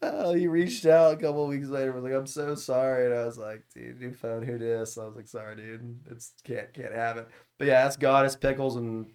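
A man's voice: medium pitch, fairly even intonation, fairly quick, hardly any pauses, darkish tone. A young man who streams games, telling rambling stories in casual podcast chat, swearing and laughing often.

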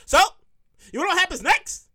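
A man hosting his own comedy show, telling a profane, excitable rant full of repeated lines. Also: very high-pitched, moderate pace. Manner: profane, excitable ranting with lots of repetition.

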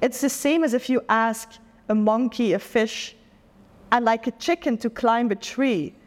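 A woman's voice: fairly high pitch, a little slow. Young Dutch woman, earnest, reflective, casual interview guest, long reverberant echo. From Netherlands. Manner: earnest, reflective, says "like" often.

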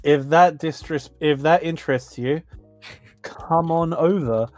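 A man's voice: a little high, slow, dry recording, faint music behind. A young man co-hosting a casual podcast, joking and laughing a lot as he chats. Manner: laughing, joking, puts on regional voices. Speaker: podcast co-host. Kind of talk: casual chat.

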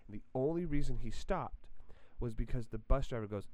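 A man casually telling a story on a podcast, animated and full of filler words and restarts. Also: medium pitch, normal speed, no echo. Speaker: podcast co-host.

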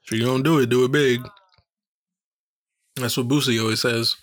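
A man co-hosting a relaxed podcast, cracking dry jokes in an easy, unhurried way. The sound is close and dry, with no room around it. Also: mid-range voice, no room sound. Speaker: podcast co-host. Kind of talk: casual chat.

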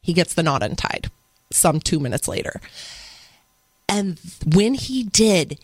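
Speaking slowly with a fairly low voice and wide swings in pitch, a woman appears as a podcast guest. She earnestly shares stories of raising her children as a single mother, captured in a dry recording.

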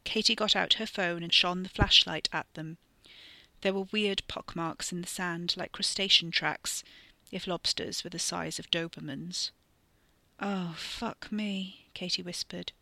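A podcast storyteller reading a horror story in a steady, measured way, sometimes dropping into a whisper. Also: mid-range voice, gravelly, no echo. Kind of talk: scripted narration of a horror story.

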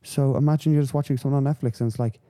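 A man hosting a podcast, rambling through casual, sweary, animated rants. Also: mid-range voice, very fast. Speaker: podcast host. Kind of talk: casual chat.

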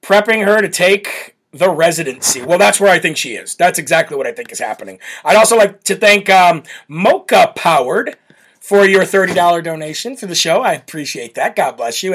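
A man's voice: high voice, a bit bright. A man hosting a political talk show, brash and mocking, laughing often as he reads viewer comments. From United States. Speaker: host. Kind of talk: political talk show, reading live chat.

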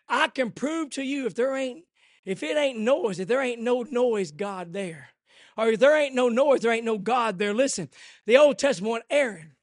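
A male preacher delivering a church sermon, swinging from hushed murmurs to shouted, rhythmic refrains. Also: very high voice, lively intonation, moderate pace, dry recording, clean studio sound. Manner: repeats refrains in a call-and-response cadence. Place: church service.

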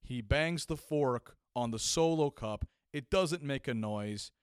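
Animated young man telling a comic story. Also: medium pitch, slow pace, smooth, no echo, studio quality. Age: young adult. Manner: animated, acts out voices, casual filler. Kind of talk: comedic storytelling.

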